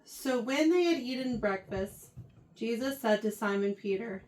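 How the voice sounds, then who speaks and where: A woman teaching a Bible lesson to a youth class, animated and often checking in with her listeners. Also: fairly high pitch, normal speed. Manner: animated, keeps checking in with "right?". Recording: voice heard from far off the mic.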